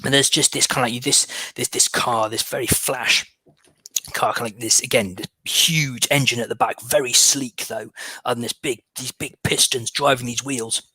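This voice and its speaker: Bright-voiced game master, full of restarts. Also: male voice, medium pitch, steady tone, moderate pace, breathy edge, no room sound. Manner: fillers, many restarts and repeated words. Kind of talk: narrating a tabletop game.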